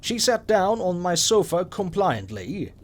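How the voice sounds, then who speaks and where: A man reads a horror story aloud in a slow, unhurried way. His voice sits fairly high and moves a lot in pitch. A husky, breathy grain runs through every line. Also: very animated. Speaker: story narrator. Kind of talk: scripted horror story narration.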